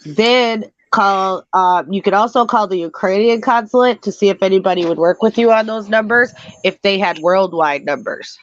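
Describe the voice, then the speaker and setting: A woman's voice: medium pitch, normal speed, few pauses, no room sound. Blunt swearing woman on a dull line. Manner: blunt, swears, talks over her co-host. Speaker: co-host. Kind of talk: casual political chat.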